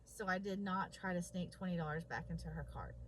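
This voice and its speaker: A woman's voice: on the low side, a little fast, slight background noise, low-quality recording. A woman vlogger telling a personal story, acting out both sides of a conversation with emphasis. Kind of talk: storytelling vlog.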